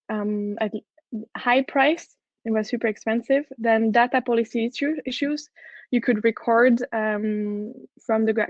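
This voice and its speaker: Her pitch sits fairly high and sounds a little mellow, with no room sound at all. This French-accented head of product delivers an eager, sincere conference talk, frequently starting sentences over, on a dry, dull lo-fi recording.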